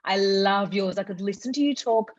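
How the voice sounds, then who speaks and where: A woman's voice: mid-range voice, normal speed, no room sound. Australian woman guest, dry dull sound. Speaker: psychologist guest. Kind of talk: casual interview chat.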